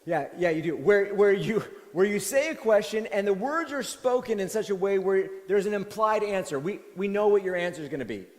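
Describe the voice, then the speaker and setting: A man preaching a sermon as pastor, talking in a conversational, animated way with many restarts and repeated words. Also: high voice, brisk, hardly any pauses, in a large hall. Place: church.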